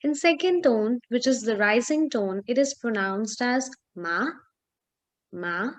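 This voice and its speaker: A woman teaching a Chinese lesson, explaining slowly with pauses and fillers. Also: on the high side, animated. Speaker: Chinese tutor. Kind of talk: online language lesson.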